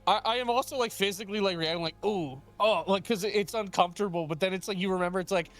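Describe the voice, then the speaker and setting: A man's voice: high-pitched, rapid-fire, fairly bright tone, faint music behind. A man, a guest, talking casually and rambling with lots of filler words. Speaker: guest co-reader. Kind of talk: casual chat.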